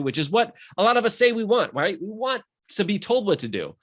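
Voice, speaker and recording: Fast-talking motivational male coach. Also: a little high, sing-song, fairly bright tone. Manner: fast, earnest and motivational, rising with emphasis. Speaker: mindset coach. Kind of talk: conversational podcast talk.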